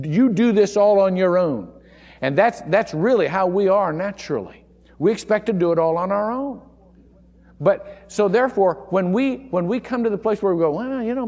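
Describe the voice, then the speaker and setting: A man's voice: high-pitched, a little mellow, long reverb tail. A man preaching a sermon as pastor, stressing and repeating key words for emphasis, recorded in a church. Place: church sanctuary.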